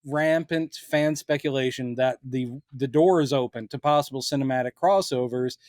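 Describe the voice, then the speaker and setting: A man co-hosting a casual podcast chat, animated and jokey, slipping into silly voices when quoting people. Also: medium pitch, moderate pace, no echo, clean studio sound. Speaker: podcast co-host.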